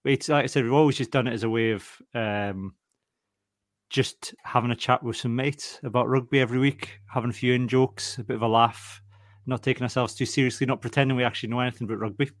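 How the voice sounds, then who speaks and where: A man's voice: medium pitch, steady tone, no echo, studio quality. A man hosting a podcast in a casual, self-deprecating chat. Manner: chatty, self-deprecating, quick-talking. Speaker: podcast host.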